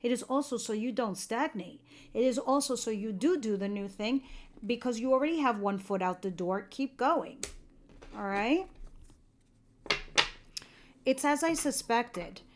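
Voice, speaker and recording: Chatty tarot-reading woman, bit high. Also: expressive, measured pace, pauses often, slight background noise. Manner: chatty, earnest, addresses viewers directly. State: tired, yawning. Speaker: tarot reader.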